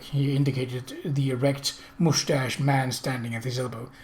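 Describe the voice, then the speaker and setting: A man reading a mystery novel aloud, with measured storytelling narration. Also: medium pitch, steady tone.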